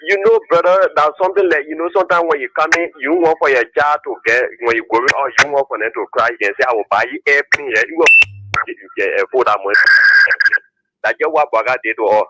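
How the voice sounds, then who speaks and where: A man calling a radio show, halting and repetitive as he complains in frustration. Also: mid-range voice, very noisy. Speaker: caller.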